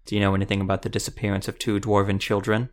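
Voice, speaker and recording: A man voicing a grim male witcher monster hunter who questions people flatly and bluntly. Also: on the low side, very fast, natural voice. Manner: clipped, flat questioning.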